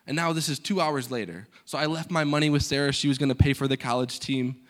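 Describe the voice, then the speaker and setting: A young man, a guest speaker at a church, telling a personal story in a sermon and acting out the dialogue with lively energy. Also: medium pitch, fast talker. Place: church stage.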